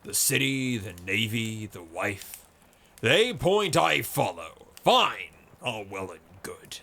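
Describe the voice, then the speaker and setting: A man's voice: lowish voice, very animated, slow, vocal fry, bright, forceful tone, full character voice. A man voicing a boisterous male sea colonel who talks with roaring passion. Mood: impassioned. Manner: roaring, impassioned.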